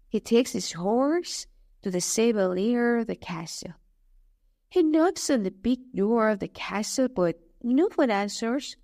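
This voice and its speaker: A woman narrates a storybook for English learners, slow and clear. Her fairly high voice moves a lot in pitch, and the sound is dry and close. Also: no room sound. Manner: slow, clear, expressive reading.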